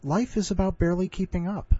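A man's voice: high voice, fairly even intonation, brisk, dark tone, husky, no room sound, lo-fi sound. A man hosting a podcast in casual comedic banter, rambling through jokey, self-deprecating asides. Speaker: podcast host.

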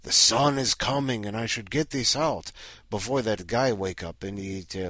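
A man plays Count Dracula as a vampire host, wandering through jokey, pun-laden talk packed with fillers. He speaks fairly low and a bit slowly with a sharp edge, and the clean studio recording has no room sound.

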